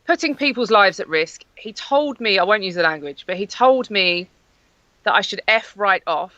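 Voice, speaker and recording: A woman's voice: mid-range voice, animated, moderate pace, pushed and bright, dry recording, dull audio. A woman from Northern Ireland answering interview questions as a guest, speaking earnestly and with emphasis.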